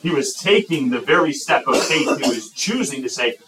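A man preaching a sermon as pastor, lively and emphatic, breaking into excited shouts. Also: mid-range voice, a little fast, distant mic, a little hiss or hum, poor audio.

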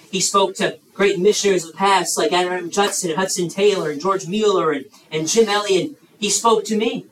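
With a high voice, a slightly fast pace, and hardly any pauses, a man gives an animated sermon to children at a youth camp, acting out the voices in the story and asking the kids questions. The rough recording comes from a distant mic in a large, echoey campground room, with a little hiss or hum.

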